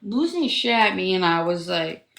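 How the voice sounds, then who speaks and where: Low-voiced young woman rambling in a roomy room. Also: very animated, normal speed, creaky, noisy background. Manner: rambling, profane, heavy use of "like". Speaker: livestreamer. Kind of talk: casual storytelling chat.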